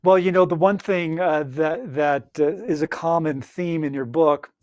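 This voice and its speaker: A man's voice: on the high side, fairly even intonation, a little mellow, no echo. A man hosting a coaching podcast, asking his guest long questions with many fillers and restarts. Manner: halting, with many "uh" and restarts while framing questions. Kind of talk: interview questions.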